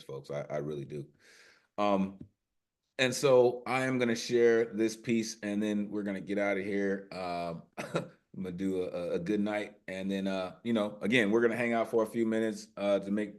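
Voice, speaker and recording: A man with a lowish voice hosts an online poetry open mic from a video call. He talks loosely and keeps hyping the poets, leaning on "listen" and "man" as he goes. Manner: warm hype, repeats "listen" and "man". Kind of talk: casual hosting chat and spoken word. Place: home via video call.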